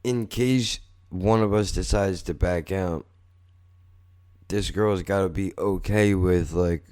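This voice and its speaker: A man's voice: low-pitched, slow pace, a little mellow. A man hosting a podcast, telling a rambling story in a blunt, profane way. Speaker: podcast host. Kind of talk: casual storytelling monologue.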